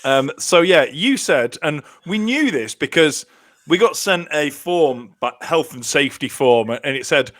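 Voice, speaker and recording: Lively man telling a story. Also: on the high side, a little slow, dry recording, studio quality. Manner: lively storyteller, acts out quoted lines. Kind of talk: casual podcast chat.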